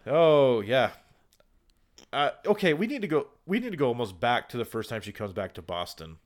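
A man co-hosting a casual podcast, retelling a movie's plot with lively, sarcastic commentary and acted-out quotes. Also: medium pitch, moderate pace. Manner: animated storyteller, acts out quotes, sarcastic. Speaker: podcast co-host. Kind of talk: casual movie recap chat.

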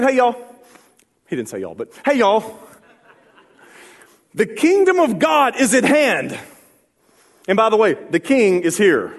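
Male pastor, high lively voice, call-and-response sermon, big reverberant church. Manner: call-and-response preaching, building to shouts.

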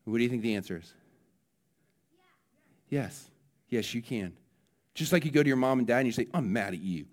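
Using a mid-range voice at normal speed with long pauses, a pastor gives a children's message before his sermon. His manner is lively, and he repeatedly asks his audience questions.

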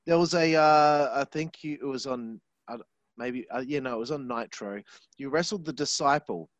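A man's voice: medium pitch, normal speed, no room sound, highs cut off. A man hosting a casual interview who laughs easily, rambles and pokes fun at himself. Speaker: podcast host.

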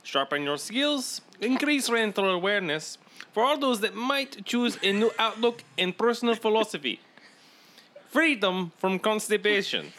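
A man's voice: expressive, moderate pace, bright, forceful tone, slight background noise. A man voicing a mock Eastern European storybook man with a put-on accent, declaiming an oath. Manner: overblown, declaiming, pitched up.

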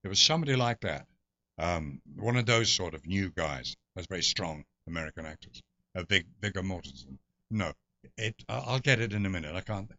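A man's voice: low voice, lively intonation, fairly quick, sharp tone, dry recording, highs cut off. An older English man, a guest actor, telling stories in an interview with theatrical asides. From England. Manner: expansive storyteller, theatrical asides. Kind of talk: anecdotal interview talk.

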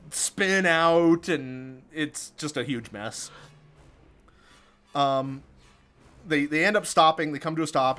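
A man with a slightly higher pitch for his sex talks through a movie's plot in relaxed podcast chat. He is chatty and amused, breaking into laughs. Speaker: podcast co-host recapping a film. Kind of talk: casual chat.

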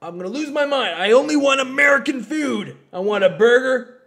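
A man voicing a blustery, fed-up middle-aged American father who rants in a high, loud voice. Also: expressive, a little fast, vocal fry, full character voice. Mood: ranting. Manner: ranting, exasperated.

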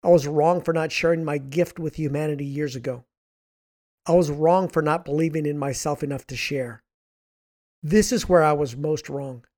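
A hoarse man with a raspy voice, hosting a podcast in an earnest, emphatic scripted motivational monologue. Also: on the high side, moderate pace, a little mellow. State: hoarse from much speaking. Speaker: podcast host and author.

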